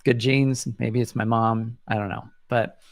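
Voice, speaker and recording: A man's voice: mid-range voice, little pitch movement, measured pace, vocal fry, dry recording. A man in his forties hosting a solo podcast, talking in an earnest, reflective way and often restarting his sentences. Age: 40s. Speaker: podcast host.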